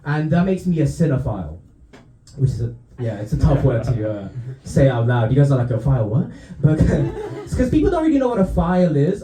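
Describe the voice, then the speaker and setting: A young man with a Romanian accent, from Romania, performing a laid-back, deadpan stand-up set in a comedy club. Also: on the high side, echoey room, recorded from a distance, poor audio. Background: audience laughter.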